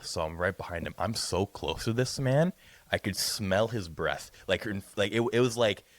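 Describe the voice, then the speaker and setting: Low-voiced profane young man telling a story. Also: moderate pace, no room sound. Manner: profane, rambling, animated retelling. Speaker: podcast co-host. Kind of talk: casual storytelling.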